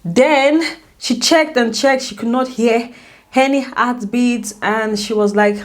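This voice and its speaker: Woman vlogger, casual storytelling to camera; emotional, restarts often, voice leaps up and down. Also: slow. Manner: emotional, animated, with many restarts and swings in pitch.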